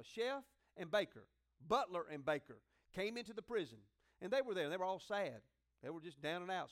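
A man preaching a sermon, retelling a Bible story in a folksy, joking way and acting out the characters' lines. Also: high voice.

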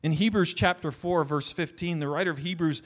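Male pastor, slightly higher voice, conversational sermon, reads scripture with emphasis, frequent restarts. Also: brisk. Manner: repeats words and restarts often.

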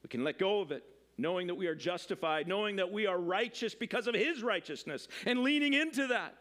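A man's voice: high voice, animated, brisk, a bit bright. A middle-aged man, a pastor, giving a conversational sermon, full of fillers, restarts and asides to the congregation.

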